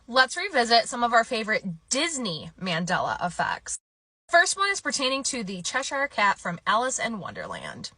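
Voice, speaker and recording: Bright-voiced woman quizzing her viewers. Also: medium pitch, no echo. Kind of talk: casual explainer video.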